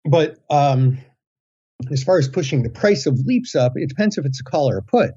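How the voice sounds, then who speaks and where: A dark, mellow-voiced man co-hosting a podcast, working through an explanation in a measured, step-by-step way. His voice comes through a dull, lo-fi line. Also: mid-range voice, lively intonation, slightly rough. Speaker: podcast co-host. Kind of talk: casual explanatory chat.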